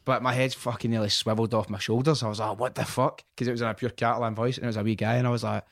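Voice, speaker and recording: A man's voice: mid-range voice, level tone, racing, no room sound, clean studio sound. A Scottish man hosting a podcast, chatting casually and telling stories with plenty of swearing. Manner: swears freely, tells stories. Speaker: podcast host. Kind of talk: casual chat.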